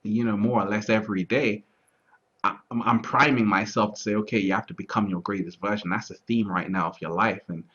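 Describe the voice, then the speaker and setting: A man with a low, husky voice talks through his ideas in an easygoing interview, circling back and restarting phrases as he goes. The recording sounds dull and lo-fi. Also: steady tone, fairly quick, fairly bright tone. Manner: repeats words, restarts often, asks "you see what I'm trying to say". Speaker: interview guest. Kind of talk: reflective casual conversation. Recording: dull lo-fi audio.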